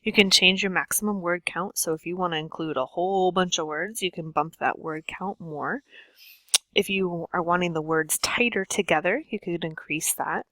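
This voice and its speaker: A woman teacher with a bright, forceful voice and a slightly low pitch talks students through a computer tutorial. She goes step by step, patiently, with frequent ums. The recording is close and dry. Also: normal speed, dry recording, rough recording. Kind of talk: screen-share tutorial lesson.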